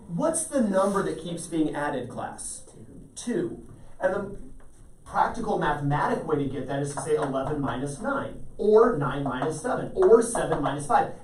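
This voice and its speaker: A man's voice: fairly high pitch, a little mellow, a little hiss or hum. A man teaching a math class, explaining each step patiently and calling on students by name. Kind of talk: classroom lecture. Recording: echoey classroom, mic at a distance.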